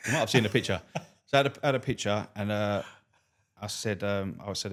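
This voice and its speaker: A man's voice: fairly low pitch, fairly quick, long pauses. A man, a cab driver and stand-up comic, telling blunt, profane stories on a podcast. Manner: blunt, profane, deadpan storyteller. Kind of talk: swearing anecdotal storytelling.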